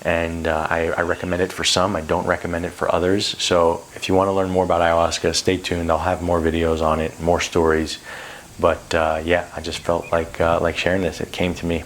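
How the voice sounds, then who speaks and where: A man's voice: low voice, completely flat delivery, fairly quick, a little hiss or hum. A man on a vlog telling a personal story in an intense, rambling way, swearing freely as he goes. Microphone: close to camera.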